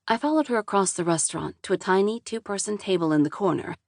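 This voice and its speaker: Woman, audiobook narrator, first-person romance, low voice, wry, exasperated. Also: a little fast, creaky, hardly any pauses, darkish tone, no room sound, clean studio sound. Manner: wry, exasperated inner voice with casual swearing.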